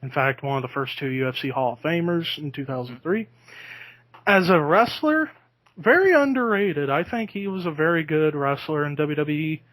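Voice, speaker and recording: A man's voice: on the high side, lively intonation, normal speed, fairly bright tone, no room sound. A man hosting a podcast in casual chat, talking easily and breaking into laughter. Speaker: podcast host.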